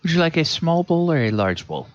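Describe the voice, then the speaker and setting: Man doing a stammering, over-polite palace servant, animated pitch, dull lo-fi audio. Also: brisk, no echo. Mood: eager to please. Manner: fussy, stammering courtesy. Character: polite, flustered palace server.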